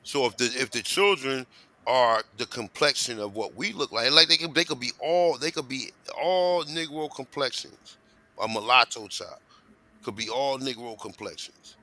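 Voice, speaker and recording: A man's voice: mid-range voice, lively intonation, normal speed, pushed and bright, low-quality recording. A man with a New Jersey accent, talking casually and streetwise on a livestream, often asking "you know what I'm saying".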